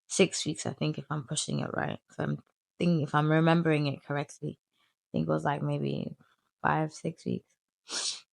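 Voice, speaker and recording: A young woman telling her life story in a candid, animated vlog, full of slang and crude asides. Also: sits low, moderate pace, creaky, no echo, clean studio sound. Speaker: vlogger.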